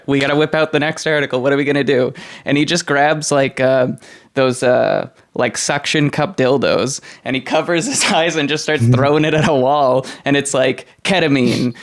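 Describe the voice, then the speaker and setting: A man's voice: mid-range voice, creaky. A man co-hosting a podcast, telling a story casually with many hesitations.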